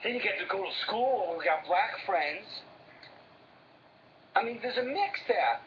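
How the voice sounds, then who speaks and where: A man's voice: sits high, animated, measured pace, lo-fi sound, slight background noise. A man with a Brooklyn New York accent, bantering casually with his brother as co-host, full of stammered restarts and blunt street talk.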